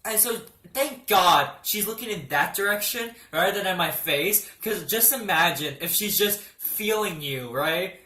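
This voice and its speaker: A man telling a personal story in a casual, animated way, swearing often and breaking into laughing outbursts. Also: high voice, a little slow, hardly any pauses. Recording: roomy echo.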